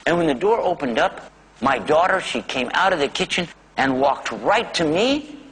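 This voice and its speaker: A man telling a personal faith story in a religious talk, animated and acting out the voices. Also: a little high, moderate pace, slightly rough, rough recording. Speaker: speaker.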